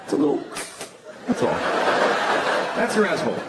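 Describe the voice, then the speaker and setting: A man's voice: a little high, very animated, normal speed, a loud crowd, very noisy. A man performing stand-up comedy, telling stories in a conversational, exasperated way and acting out the people in them. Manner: conversational, exasperated storytelling with acted-out voices. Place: comedy club stage. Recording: live comedy club audience laughing.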